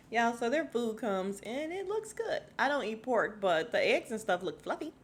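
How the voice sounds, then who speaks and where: A woman's voice: on the high side, very animated, a little slow, slight background noise. A woman hosting a podcast, recapping a reality TV show in a chatty, sarcastic way with asides. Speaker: podcast host.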